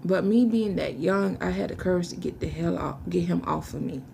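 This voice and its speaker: Young woman, low fry-heavy voice, emotional and halting, close to tears. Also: dark tone, a little hiss or hum. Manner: halting, searching for words, restarts. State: fighting back tears. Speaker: vlogger telling her life story. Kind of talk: emotional personal testimony.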